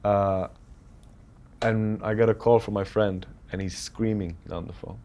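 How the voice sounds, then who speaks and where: A fairly low-pitched, slightly slow voice belongs to an Emirati film director in his thirties. Telling anecdotes in an informal interview, he stays animated and acts out others' remarks.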